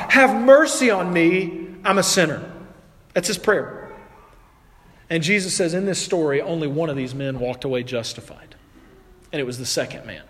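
A man's voice: on the high side, fairly bright tone, long reverb tail. A man preaching a sermon to his congregation in a conversational way, sometimes acting out the voices of people in the story. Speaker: pastor.

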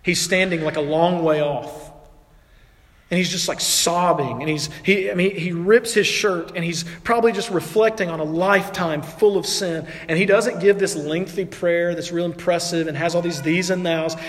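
A man's voice: sits high, fairly even intonation, moderate pace, long reverb tail. A man preaching a sermon to his congregation in a conversational way, sometimes acting out the voices of people in the story. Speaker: pastor.

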